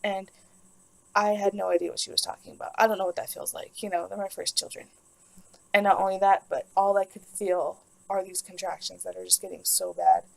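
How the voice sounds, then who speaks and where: Young woman with heavy vocal fry. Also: mid-range voice, fairly even intonation, fairly quick, rough recording. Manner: rambling, emotional, heavy use of "like". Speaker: vlogger. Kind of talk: personal storytelling.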